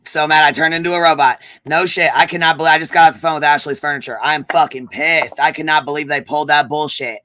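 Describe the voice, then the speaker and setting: A man's voice: a little high, fairly even intonation, fast talker, few pauses, pushed and bright, dry recording. A man ranting angrily on a livestream, cursing and repeating himself. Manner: heated, profane, repeats himself. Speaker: livestream host. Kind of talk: angry livestream rant.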